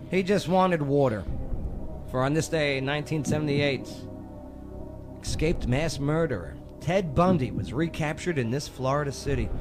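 A man hosting a talk show, running a trivia quiz with jokey, lively banter and frequent laughs. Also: a little high, unhurried, long pauses, over music. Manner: jokey, animated, laughs often.

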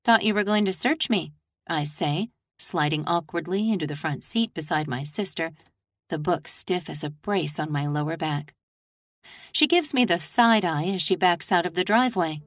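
A woman reading her novel aloud in a measured, first-person narration. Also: low-pitched, no echo, studio quality.

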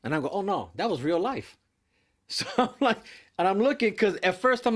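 A young man telling a profane, animated story about his work as a mail carrier, acting out the other people's lines in quick voices. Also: high-pitched. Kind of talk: casual storytelling on a podcast.

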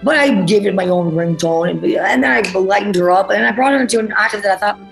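Candid rambling woman with a creaky voice. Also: mid-range voice, quick pace, faint music behind, poor audio. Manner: rambling, restarts often, candid. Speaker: actress guest. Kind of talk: casual interview recollection.

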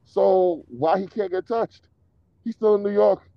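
A man's voice: sits high, a little slow, no echo. Guy ranting hot takes on a podcast, dull dry lo-fi mic, keeps pushing his point. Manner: provocative, heated, repetitive, laughs at own claims. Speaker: podcast co-host. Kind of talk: casual argumentative chat.

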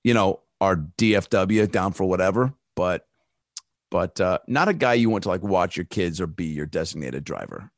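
Man, comedian guest, very low voice, loose profane riffing, dry close sound. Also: lively intonation, normal speed, no echo. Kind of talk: casual comedic podcast chat.

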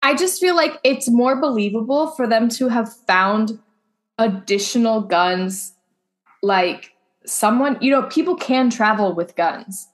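A woman in casual podcast chat, speaking in an easygoing, measured way with lots of "like". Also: fairly high pitch, expressive. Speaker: podcast co-host.

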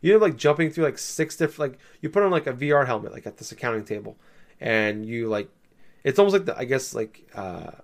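A man in casual chat, rambling with many fillers, swearing and laughing as he recounts playing a game. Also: medium pitch.

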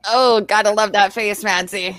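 A woman hosting a casual livestream, relaxed and laughing along with her co-host. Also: medium pitch, normal speed. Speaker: streamer host.

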